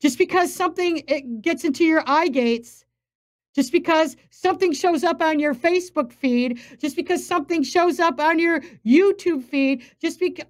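A woman's voice: very high voice, moderate pace. A woman minister and faith coach preaching on a livestream, emphatic and urgent, repeating phrases for stress.

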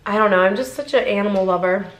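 A woman's voice: mid-range voice, fast talker, roomy sound, rough recording. A young woman from Ohio chatting casually through a mukbang vlog, rambling with lots of fillers. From Ohio, USA. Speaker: vlogger. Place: inside a car.

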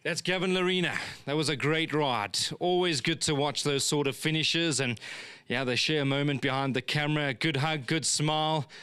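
A man interviewing winners after a race, full of praise and leaning on "I mean" as he talks. His voice sits fairly high and sounds smooth and clear. The sound is dry and close. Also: normal speed, bright, forceful tone, no room sound. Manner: effusive, praising, many "I mean" fillers. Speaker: racecourse presenter interviewing winners.

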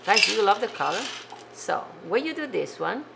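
A woman's voice: mid-range voice, big pitch swings, normal speed, creaky, heavy background noise. A woman from Italy, hosting a casual live cooking stream from her home kitchen, chatty and rambling as she talks to viewers. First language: Italian.

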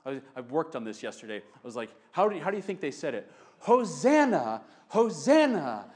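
A male pastor preaching a sermon in an animated way, acting out shouting crowds and dropping to quiet talk. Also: on the high side, normal speed, husky.

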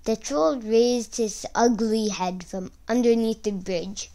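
A woman reading a children's fairy tale aloud in an expressive storytelling manner. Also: a little high, measured pace, few pauses.

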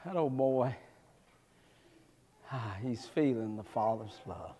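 A man preaching a sermon, with fervent shouts and folksy asides to the congregation. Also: medium pitch, lively intonation, slow pace, a little hiss or hum.

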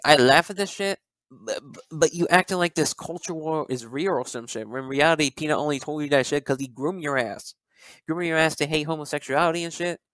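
A man's voice: fairly high pitch, fairly bright tone, dry recording, studio quality. A young man in a heated, profane callout rant, stumbling over repeated words as he goes. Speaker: video creator.

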